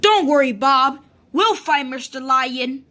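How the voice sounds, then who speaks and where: A woman voicing a kind, patient father bear who gently explains things in a storybook reading. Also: sits high, expressive, takes it slowly, full character voice. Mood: gentle.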